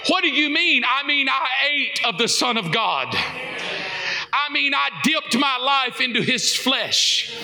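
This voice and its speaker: A man preaching a sermon as pastor, shouting and half-singing with passion. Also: very high-pitched, sing-song, measured pace, vocal fry. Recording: echoey hall with long reverb.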